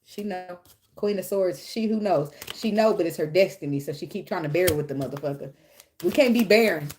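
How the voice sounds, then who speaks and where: A woman's voice: on the low side, a little fast, darkish tone, slight background noise. A woman giving a casual tarot reading, blunt and profane, who laughs often and talks straight to the viewer. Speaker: tarot reader.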